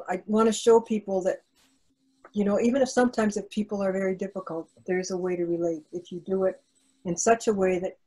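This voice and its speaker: A woman's voice: mid-range voice, mellow, husky, poor audio. An older woman author answering interview questions over a video call, talking in an earnest, reflective way with frequent restarts.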